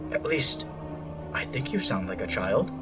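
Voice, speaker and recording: A man voicing a calm, kind fifty-year-old woman with a French accent who speaks quietly and gently in a storybook reading. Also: lowish voice, measured pace, distant mic, music in the background. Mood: gentle.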